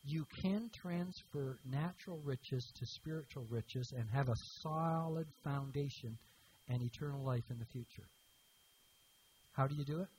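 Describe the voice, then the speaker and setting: A man's voice: medium pitch, a little mellow, a little hiss or hum, poor audio. A man preaching a sermon as pastor, emphatic and repeating key words for stress.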